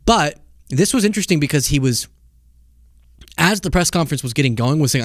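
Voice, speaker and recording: Male commentary host, casual and sarcastic, animated delivery, mid pitch, dry close sound. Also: brisk, long pauses, no echo.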